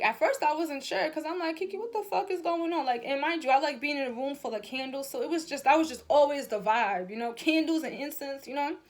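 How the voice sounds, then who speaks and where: A young adult woman giving a casual spiritual talk to her viewers, chatty and emphatic, swearing freely and calling her audience y'all. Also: high voice. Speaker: spiritual reader and vlogger.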